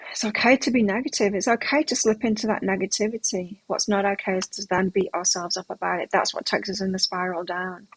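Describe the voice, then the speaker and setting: A middle-aged woman with a husky, breathy voice hosts a live tarot stream. She talks loosely and chattily, drifting into anecdotes, and her voice sits at an ordinary pitch. The sound is close and dry, with no room around it. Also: fairly even intonation, a little fast, few pauses, dry recording, poor audio. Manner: chatty and rambling, telling anecdotes. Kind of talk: casual live-stream chat between tarot readings.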